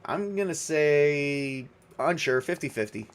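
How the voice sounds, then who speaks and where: A man's voice: a little high, lively intonation, slow. A man narrating a solo tabletop role-playing game, thinking aloud casually with lots of fillers. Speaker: game master and solo player.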